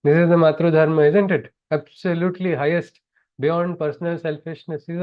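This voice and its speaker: A man's voice: on the high side, steady tone, a little fast, dull audio. A man chanting scripture verses and explaining them in an earnest teaching discourse over a video call. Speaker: spiritual teacher.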